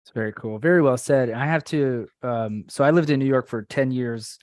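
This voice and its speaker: A man's voice: medium pitch, normal speed, darkish tone, no room sound, studio quality. A man hosting a podcast, chatting in a rambling way and laughing easily. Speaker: podcast host. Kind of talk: casual podcast chat.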